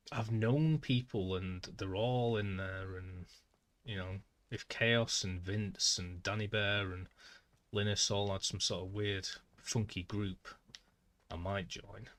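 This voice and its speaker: A man's voice: on the low side, slow pace. Dry, rambling British male streamer. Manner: dry, self-deprecating, rambling. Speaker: gaming streamer. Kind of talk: casual livestream chat.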